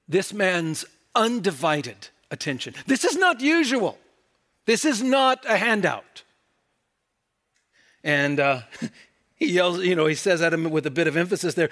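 A man preaching an expository sermon, with animated swings between loud emphatic quotes and quiet asides, and frequent restarts. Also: sits high. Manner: frequent restarts and repeated words. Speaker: pastor.

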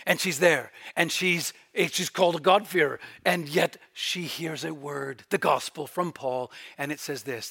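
Emphatic bright-voiced male preacher. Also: a little high. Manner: emphatic, builds to shouting peaks then drops to quiet. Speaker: pastor. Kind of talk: sermon.

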